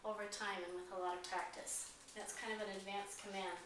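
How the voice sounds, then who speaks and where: A woman dog trainer explaining a training routine step by step in a calm instructional demonstration, pausing with frequent fillers. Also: mid-range voice. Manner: explains steps calmly, with frequent "um"s. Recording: very echoey, distant mic, faint noise.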